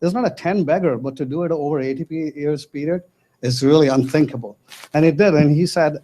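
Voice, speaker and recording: A man's voice: fairly high pitch, a little fast, dark tone. A man speaking up in a class, earnest and emphatic as he shares his experience. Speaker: guest speaking from the audience. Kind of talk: classroom comment.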